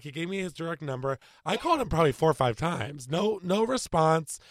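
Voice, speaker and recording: A man's voice: on the high side, animated, fairly quick, a bit bright, no echo. A man chatting on a podcast, chatty and emphatic, handing out advice. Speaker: podcast regular. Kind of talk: casual chat.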